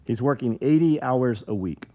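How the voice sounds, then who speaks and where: Middle-aged man, livestream host, blunt and profane, rambling chat, mid-pitched voice. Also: lively intonation, normal speed, mellow. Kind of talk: casual livestream chat reading viewer comments.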